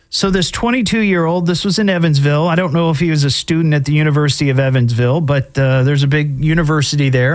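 A middle-aged man hosting a show, casually commenting on odd news stories with wry asides and frequent fillers. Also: fairly high pitch. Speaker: host.

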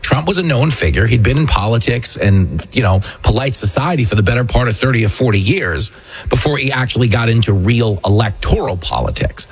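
A husky-voiced New York man hosts a show, delivering a political commentary monologue. He's mocking in tone and performs quotes in a shrill, high voice.

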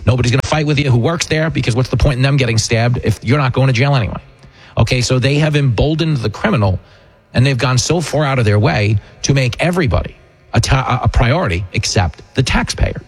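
Husky sarcastic talk radio man. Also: medium pitch, a little fast. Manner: sarcastic, animated, mocking. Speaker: radio host and comedian. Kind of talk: political commentary rant.

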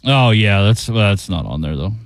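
A man's voice: lowish voice, very animated, normal speed, dry recording. Laid-back male radio co-host. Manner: agreeable, short reactions, dry quips. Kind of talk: casual morning show banter.

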